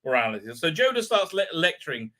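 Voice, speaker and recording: A man's voice: a little high, very animated, fast, sharp tone. A man hosting a livestream, ranting in a rambling, indignant way full of fillers. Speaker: livestream host. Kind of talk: ranting commentary.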